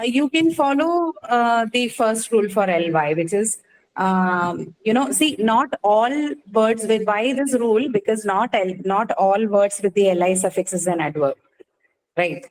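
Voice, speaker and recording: A woman teaching an English class, explaining slowly and checking in with "right?" after each point. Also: on the high side, lively intonation, rough recording. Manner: explains patiently, says "right?" often. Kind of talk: online class lecture.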